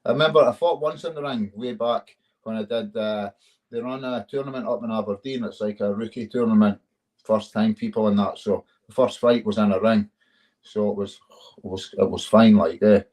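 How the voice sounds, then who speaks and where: Scottish guy telling fight stories, kinda low voice, swears a lot and laughs along. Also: fairly even intonation, normal speed, a little mellow. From Scotland. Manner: swears freely, chuckles through his stories. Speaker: MMA fighter, interview guest. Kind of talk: casual storytelling chat.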